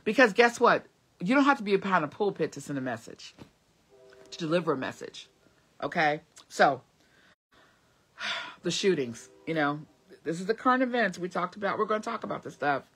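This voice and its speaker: Bright-voiced earnest woman vlogger. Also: on the low side, sing-song, moderate pace, long pauses, breathy edge. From Cincinnati area, USA. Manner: earnest, faith-driven, rambling with many fillers. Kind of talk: casual motivational talk.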